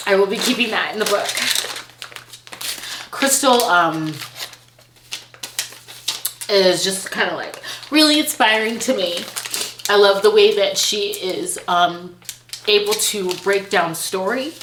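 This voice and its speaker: A woman vlogging a casual book unboxing, gushing and excitable. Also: medium pitch. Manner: gushing, excitable, laughs and gasps often. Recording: echoey room with faint noise.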